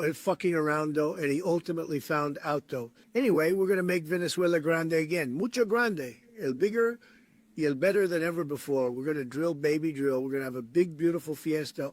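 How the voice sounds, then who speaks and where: A man's voice: on the high side, lightly acted. A man playing a boastful older male politician in a comic impression, blustering and peppering his talk with mock-Spanish words. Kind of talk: comedic impression video.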